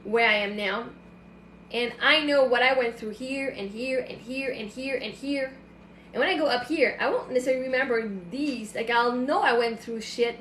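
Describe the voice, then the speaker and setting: A woman with a high voice chats on a late-night phone livestream. Her talk rambles emotionally through fillers and restarts. The room is echoey, with faint noise behind her. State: tearful at times. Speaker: livestream host.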